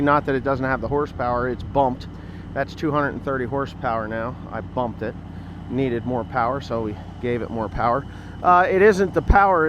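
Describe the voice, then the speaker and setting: Against a noisy background, a man in his fifties with a mid-range voice chats to the camera in a casual farm vlog. He's a farmer standing outdoors among his equipment, and his talk is rambling and offhand with dry sarcasm.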